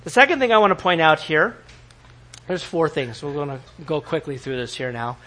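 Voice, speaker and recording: A middle-aged man preaches from the pulpit in a lively, animated way, slipping into other people's voices to act out what they said. His voice sits fairly high and sounds bright. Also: moderate pace. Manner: animated, acts out quoted voices, laughs often. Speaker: pastor. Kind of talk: sermon.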